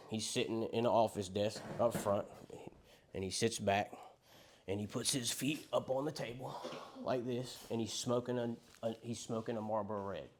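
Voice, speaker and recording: A man's voice: lowish voice, slight background noise. A young man telling his recovery story in a frank, rambling, profane way, quoting the people he met. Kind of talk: candid recovery testimony.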